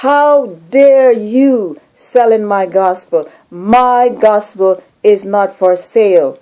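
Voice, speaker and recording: Woman voicing an angry, thunderous man rebuking; slow, stern, emphatic. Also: medium pitch, dark tone, natural voice.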